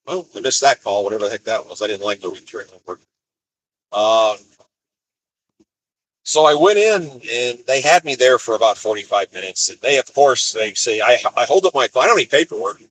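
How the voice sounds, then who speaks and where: A man's voice: mid-range voice, fairly bright tone, no echo, rough recording. A man, a van driver, telling road stories in a rambling, wry way during a live stream from his van. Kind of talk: casual storytelling live stream. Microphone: phone.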